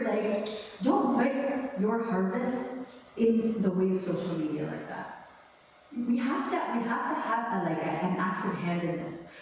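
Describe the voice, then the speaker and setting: A young adult woman giving a casual, animated faith talk to an audience, chatty and full of "like" fillers. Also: mid-range voice. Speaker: speaker at a church talk. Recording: echoey hall, faint background noise.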